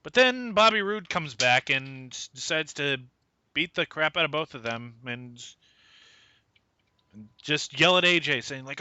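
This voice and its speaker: Bright, high-voiced man ranting hard. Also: lively intonation, measured pace, clear, resonant tone, dry recording. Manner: ranting, emphatic. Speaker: podcast co-host. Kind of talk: wrestling review podcast chat. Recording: dull lo-fi podcast audio.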